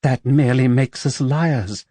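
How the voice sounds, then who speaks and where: A woman's voice: extremely low pitch, unhurried, dark tone, dry recording. A man voicing a proud, wary young widow who works as a paid companion, speaking tensely and defensively in an audiobook.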